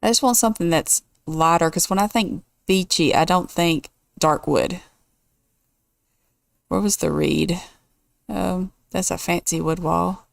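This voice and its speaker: A woman's voice: on the low side, a little slow, gravelly, dry recording, clean studio sound. A woman hosting a casual let's play, thinking aloud and weighing choices as she builds. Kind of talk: casual gameplay commentary.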